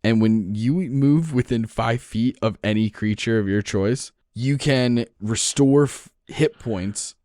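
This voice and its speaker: A man with a New Jersey accent, co-hosting a podcast and explaining game rules in casual, excited chat, swearing freely. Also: medium pitch, takes it slowly, hardly any pauses, dry recording, studio quality. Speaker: podcast co-host.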